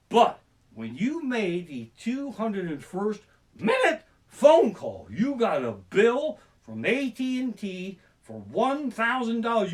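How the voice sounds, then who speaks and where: A man ranting through a profane stand-up story, talking fast and jumping into panicked shouted voices. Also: high voice. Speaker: comedian. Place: living room. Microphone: basic home streaming setup.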